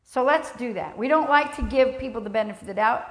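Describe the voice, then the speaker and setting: A woman with a fairly high voice preaches with emphasis, her words ringing through an echoey church. She stresses lines hard and slips into little acted-out voices when she quotes people. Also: fast talker, a bit bright. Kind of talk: sermon.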